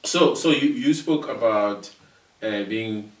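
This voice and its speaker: A middle-aged South African man chats easily, low in pitch and prone to repeating himself. His voice sounds roomy and a little distant from the mic. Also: takes it slowly, a little hiss or hum. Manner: easygoing, repeats words and chuckles often. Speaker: podcast host and father. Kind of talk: casual conversation.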